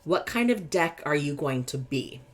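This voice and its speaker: A woman from California with a Californian accent and a low-pitched voice speaks at normal speed, with a little hiss or hum on the recording. Reading tarot cards in a casual deck interview, she is lively and chatty, laughing easily and emphasizing words with animation.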